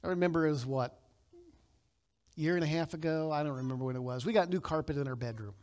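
Male pastor, high voice, conversational sermon with emphatic call-and-response bursts. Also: fast. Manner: conversational, with emphatic loud bursts when quoting scripture; leads the congregation in call-and-response.

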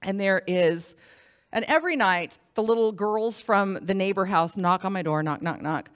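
Speaking at medium pitch and a moderate pace, a woman missionary shares her testimony in animated fashion. She acts out the voices of those she quotes as her story unfolds.

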